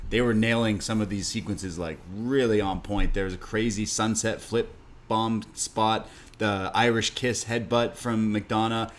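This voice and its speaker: A man with a lowish voice trading takes on a wrestling show, eager and joking as he talks. His tone is casual and animated, and he gushes about the moves he liked. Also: a little slow. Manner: enthusiastic, joking, laughs easily. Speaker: podcast co-host.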